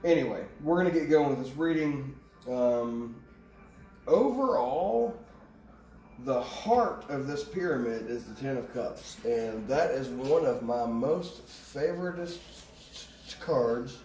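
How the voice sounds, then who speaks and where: A man's voice: medium pitch, measured pace, a little mellow. Rambling man reading tarot in an echoey room. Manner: rambling, goes off on tangents, swears casually. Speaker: tarot reader. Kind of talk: casual tarot reading vlog. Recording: echoey room, distant mic, faint ambience.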